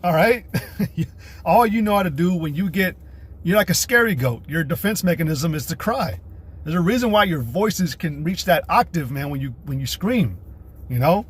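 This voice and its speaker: Husky-voiced man preaching on a livestream. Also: fairly high pitch, expressive, normal speed. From United States. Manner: profane, blunt ranting that alternates with reading scripture aloud. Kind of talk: casual livestream preaching with scripture reading. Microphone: streaming setup.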